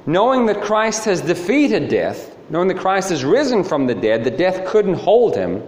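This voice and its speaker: Lively preacher in an echoey hall. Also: male voice, sits high, normal speed. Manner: animated storytelling, asks rhetorical questions. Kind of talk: sermon. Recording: echoey hall with faint ambience.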